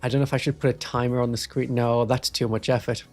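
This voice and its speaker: A man's voice: mid-range voice, little pitch movement, quick pace, a little mellow, faint music behind. A man with a toned-down Northeast English accent, chatting with viewers on a live stream in a wry, rambling way. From Northeast England. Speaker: Warhammer streamer. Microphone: studio microphone.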